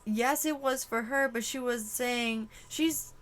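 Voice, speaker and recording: A woman's voice: a little high, takes it slowly, a bit bright. A woman giving a casual channeled tarot reading to camera, emotional and exclaiming, swearing casually. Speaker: tarot reader.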